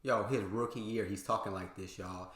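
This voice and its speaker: A man's voice: on the low side, steady tone, normal speed, a bit bright, faint music behind. A man hosting a reaction video in casual chat, slangy and repeating his points for emphasis. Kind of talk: casual commentary. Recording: roomy echo.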